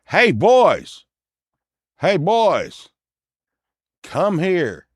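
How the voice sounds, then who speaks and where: A man's voice: high-pitched, sing-song, extremely slow, slightly rough, no room sound, clean studio sound, heavily acted. A man playing a foolish, creepy stranger, coaxing in a slightly raised voice. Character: creepy, foolish adult man calling to boys.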